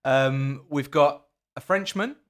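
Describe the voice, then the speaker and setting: An English man hosting a football podcast, relaxed and chatty, with fillers and restarts. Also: mid-range voice, slow. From England. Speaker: podcast host.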